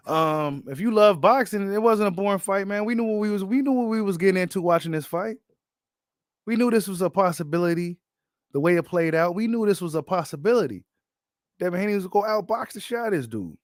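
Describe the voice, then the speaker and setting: A man hosting a boxing channel, giving casual, animated reaction commentary full of slang and repeated phrases. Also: sits high, no echo, studio quality.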